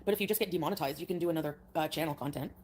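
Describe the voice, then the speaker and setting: A woman's voice: deep voice, rapid-fire, a little mellow. A woman streaming live, chatting hesitantly and rambling as she reads out her chat.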